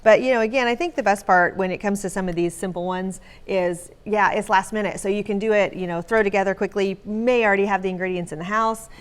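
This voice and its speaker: A woman's voice: mid-range voice, steady tone, fast talker, hardly any pauses, clear, resonant tone. Chatty woman guest explaining a recipe. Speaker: guest baker. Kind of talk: cooking segment chat.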